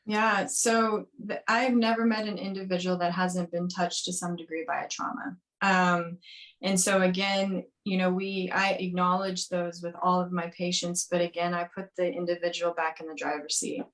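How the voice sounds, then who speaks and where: A woman physician talking candidly in a podcast interview, lively and full of fillers, acting out the voices of people she quotes. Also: lowish voice, normal speed. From grew up on a farm. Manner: animated, acts out quoted voices, frequent fillers. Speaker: naturopathic physician guest.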